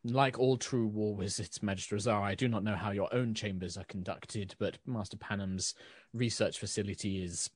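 A man voicing a stately, formal duchess who speaks in a measured, subdued way. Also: fairly low pitch, steady tone, no echo, clean studio sound, natural voice. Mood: grave.

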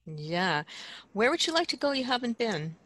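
A woman co-hosting a casual chat show, talking in a relaxed way with soft laughs and fillers. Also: fairly high pitch, moderate pace, dry recording, rough recording. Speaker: co-host.

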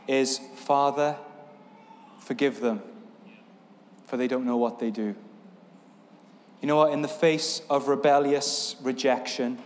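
Earnest male pastor preaching in a hall. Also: fairly high pitch. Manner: earnest, repetitive preaching cadence with restarts. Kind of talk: sermon. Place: church sanctuary.

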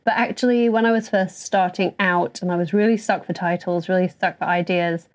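A woman's voice: on the low side, steady tone, a little fast. Woman author, rambling testimonial. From Yorkshire, England. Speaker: guest author. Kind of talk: mock testimonial monologue.

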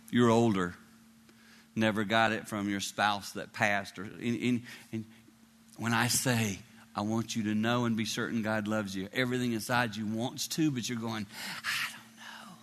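A man in his sixties preaching a sermon to a congregation, emotional, dropping to hushed whispers and rising to high cries. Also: in a large hall. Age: 60s. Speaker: traveling preacher. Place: large hall with a live congregation.

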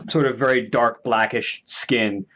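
A man's voice: mid-range voice, steady tone, a little slow, fairly bright tone, a little hiss or hum. A man narrating a tabletop game as game master, hesitant, with many filler words.

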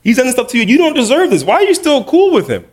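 Man putting on a shrill exasperated wife. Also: huge pitch swings, quick pace, full character voice. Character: exasperated woman, Job's nagging wife.

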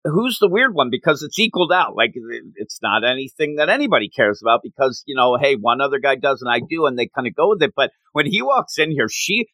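Brief: male podcast co-host, bright forceful voice, animated and giggly, dry close sound. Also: medium pitch, fast talker, hardly any pauses, no room sound, rough recording. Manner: animated, giggly, retells scenes with quoted voices. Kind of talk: casual podcast chat.

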